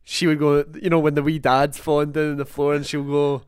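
A man's voice: fairly high pitch, monotone, fairly quick, smooth, no echo, clean studio sound. A Scottish man co-hosting a podcast, telling anecdotes with frequent laughs and asking questions. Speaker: podcast co-host. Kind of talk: casual chat.

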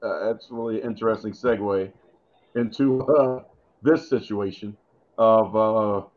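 A man's voice: lowish voice, a little slow. A man co-hosting a casual wrestling chat, rambling and thinking aloud with many fillers. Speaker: podcast co-host. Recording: muffled lo-fi audio.

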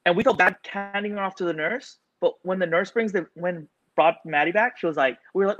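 Casual male storyteller, expressive, jumps up in pitch for quoted lines; dull lo-fi recording. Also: fairly quick, hardly any pauses. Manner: animated, acts out his own past lines in a raised voice. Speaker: new father in a podcast chat.

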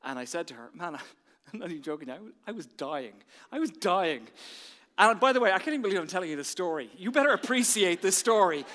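An Irish man in his forties, a pastor delivering an animated sermon that swings from hushed to loud, recorded in a large church hall. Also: high voice, quick pace. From Ireland.

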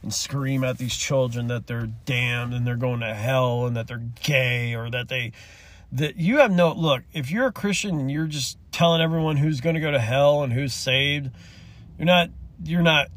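A man's voice: mid-range voice, moderate pace, fairly bright tone. A man hosting a solo rant, talking in an impassioned, rambling way, swearing and choking up as he goes. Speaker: podcast host.

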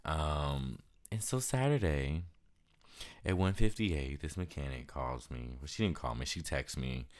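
A young man casually retelling a story for his vlog, with lots of "like" fillers and lively quoted asides. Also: very deep voice, a little slow. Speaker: vlogger.

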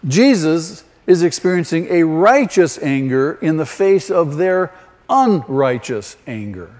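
A man preaching a sermon slowly and emphatically, with sudden loud rises for stress. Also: fairly high pitch, sing-song. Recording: long hall reverb.

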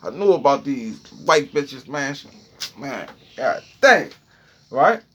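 A man hosting a podcast, telling a crude freestyle story in an excitable way, repeating words and phrases and jumping high when he relives a panic. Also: slow pace, slightly rough, muffled recording. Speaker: podcast host.

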